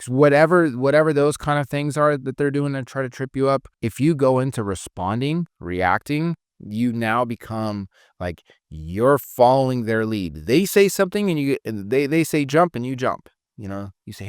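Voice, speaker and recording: A man's voice: lowish voice, clear, resonant tone, dry recording, studio quality. A man coaching on sales in loose, casual teaching talk, full of fillers. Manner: loose, filler-heavy, conversational.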